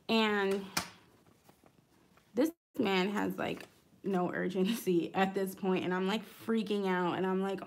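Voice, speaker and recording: A woman's voice: medium pitch, steady tone, measured pace. Chatty woman telling a story while crafting. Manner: chatty, rambling, with fillers and asides. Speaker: planner vlogger.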